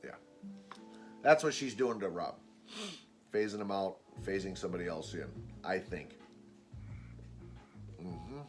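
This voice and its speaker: Speaking unhurriedly with frequent pauses, a male vlogger recounts a story as soft music plays behind him. His tone is blunt and fed up, full of swearing, and he mimics other people's words by pushing his pitch up.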